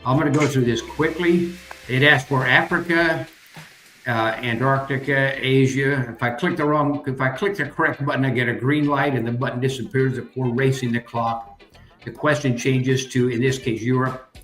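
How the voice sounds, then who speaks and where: A man's voice: medium pitch, fairly even intonation, moderate pace, fairly bright tone, roomy sound, faint music behind. An older man, the student's uncle, patiently demonstrating a geography game step by step as a teacher.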